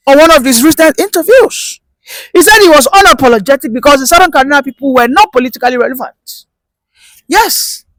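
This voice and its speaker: A woman's voice: high-pitched, a bit bright, no echo, poor audio. A woman delivering impassioned political commentary, emphatic and rhetorical, repeating points for force. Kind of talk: opinion commentary.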